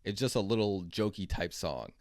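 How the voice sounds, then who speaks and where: A man's voice: low voice, lively intonation, normal speed, darkish tone, dry recording, studio quality. A man hosting a commentary video, talking bluntly and sarcastically. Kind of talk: opinionated commentary.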